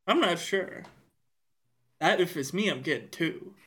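A man co-hosting a casual chat, telling relaxed anecdotes. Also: high-pitched, measured pace. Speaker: co-host.

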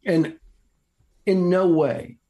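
Measured male co-host, husky and mellow, explains with dry asides. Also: high voice, fairly even intonation. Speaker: podcast co-host. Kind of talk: casual political comedy chat.

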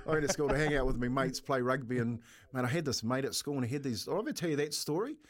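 A man's voice: mid-range voice, lively intonation, very fast. Story-telling New Zealand man, laughing often. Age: middle-aged. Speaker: radio co-host. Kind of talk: casual storytelling.

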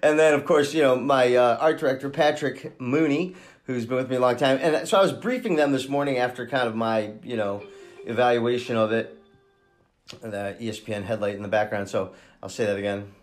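A man hosting a true-crime podcast, thinking aloud in a halting way with many restarts as he talks through a case. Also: medium pitch, soft background music. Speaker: podcast host and case investigator.

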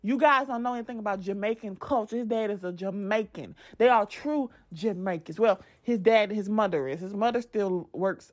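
A young adult woman hosting her own podcast, talking casually and animatedly straight to her listeners, often restarting her sentences. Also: mid-range voice. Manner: chatty and animated, addresses listeners directly, frequent restarts. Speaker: podcast host. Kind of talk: casual chat.

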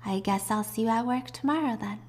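A woman voicing a hardened female assassin who talks flatly and coolly, with quiet defiance. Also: fairly high pitch, brisk, natural voice. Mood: cold.

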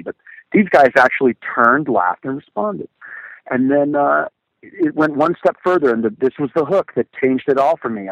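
A middle-aged man and podcast guest telling lively stories in a casual chat, acting out quotes and using many fillers. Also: medium pitch, no echo, lo-fi sound. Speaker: podcast guest, motivational speaker. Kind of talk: casual storytelling.

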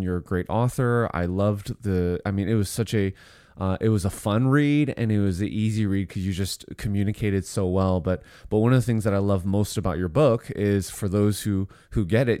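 A man's voice: lowish voice, dark tone, clean tone, no echo, studio quality. A man hosting a podcast, asking questions in an encouraging way. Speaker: podcast host. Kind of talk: podcast interview.

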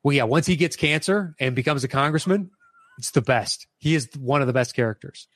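A man chatting casually about a TV comedy, animated and swearing, acting out quoted lines in passing. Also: medium pitch, a little fast, no room sound. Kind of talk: casual chat about a TV show.

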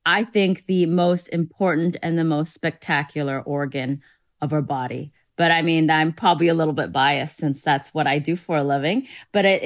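A woman dermatologist, a guest in an interview, explaining her work in a lighthearted, chatty way. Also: fairly low pitch. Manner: lighthearted, explanatory, with casual fillers. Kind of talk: conversational interview.

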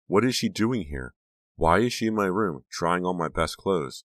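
A man's voice: sits low, animated, moderate pace, no room sound, clean studio sound, pitched above the performer's own voice. A man doing an uneasy, irritated teen girl. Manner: stammering, muttering, tense.

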